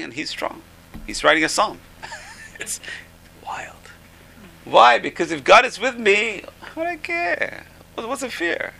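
Gravelly male teacher with a very bright tone, enthusiastic informal religious class. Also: medium pitch, poor audio. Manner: enthusiastic, repeats "amazing". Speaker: Torah teacher.

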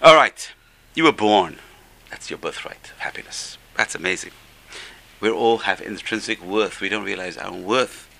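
Man, Torah teacher, gravelly, very bright forceful tone, exclamatory lecture with Hebrew terms. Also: on the low side, expressive, moderate pace, rough recording. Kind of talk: religious class lecture.

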